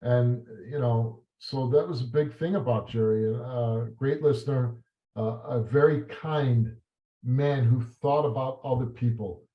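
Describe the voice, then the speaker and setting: Guy reminiscing in an interview, lots of uh and you know, roomy slightly muffled sound. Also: mid-range voice. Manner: storytelling, halting with many fillers and restarts. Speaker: talk show host as guest. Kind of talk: reflective interview answers.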